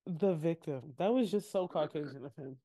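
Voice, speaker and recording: Animated woman podcast host, slightly low voice. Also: normal speed. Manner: animated, acts out quotes with laughter. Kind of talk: casual recap chat.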